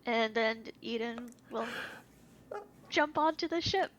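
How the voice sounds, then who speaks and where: A woman playing a tabletop game, soft-spoken and hesitant as she describes her moves. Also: fairly high pitch, drawn-out words, long pauses, poor audio. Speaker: player. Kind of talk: casual tabletop play.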